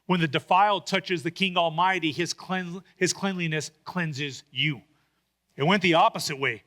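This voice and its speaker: A man's voice: a little high, normal speed, pushed and bright. A male pastor preaching a sermon, retelling a story with dramatic acted-out voices.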